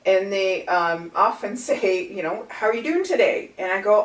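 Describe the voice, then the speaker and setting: A woman guest on a podcast, a brand ambassador telling stories in a playful, animated way. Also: medium pitch, normal speed. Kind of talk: casual podcast conversation. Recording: echoey room, distant mic.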